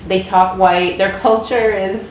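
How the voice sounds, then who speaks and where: A chatty woman in her thirties with a General American accent talks straight to camera in a loose, rambling rant, stopping and restarting her sentences. Her mid-pitched voice bounces around an echoey room, with a faint hiss of noise underneath. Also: steady tone, measured pace, lo-fi sound. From United States. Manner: chatty, frequent restarts and fillers. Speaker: vlogger. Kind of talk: casual rambling vlog rant.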